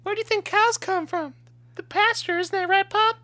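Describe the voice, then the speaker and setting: A man's voice: very high voice, steady tone, normal speed, bright, forceful tone, no echo, pitched above the performer's own voice. A man voicing a zealous child in an improvised comedy scene, squealing and preachy.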